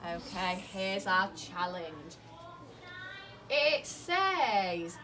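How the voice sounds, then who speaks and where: A woman teacher with a slightly high voice talks unhurriedly to a class of small children. She asks gentle questions, echoes their answers back, and praises them as she goes. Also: lively intonation. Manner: slow, encouraging questioning, repeating answers back. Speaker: early years teacher. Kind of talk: classroom maths lesson for young children.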